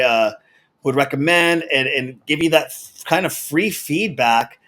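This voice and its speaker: A man's voice: medium pitch, unhurried, sharp tone. A man hosting a casual interview, rambling and restarting with friendly asides. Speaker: show host. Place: remote video call studio.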